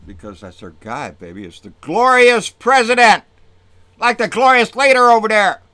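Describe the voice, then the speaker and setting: Man ranting about politics: bright, lively pitch, dry close sound, profane and fired up. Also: normal speed, no echo. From Texas. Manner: profane, fired-up, swings between muttering and shouting. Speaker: political vlogger. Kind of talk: angry political rant.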